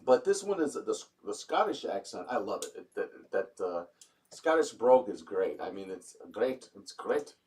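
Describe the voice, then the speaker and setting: A man's voice: on the low side, big pitch swings, normal speed, a little mellow, far from the mic. A man co-hosting a casual live-stream chat, joking around and putting on mock accents. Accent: Ohio. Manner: playful, jokey, slips into mock accents. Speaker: co-host.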